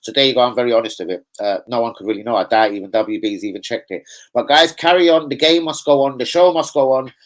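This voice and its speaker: A man's voice: medium pitch, fast talker, low-quality recording. A young man hosting a football fan stream, chatting casually, rambling and swearing with plenty of slang. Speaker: football fan channel host. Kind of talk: casual live-stream reaction chat.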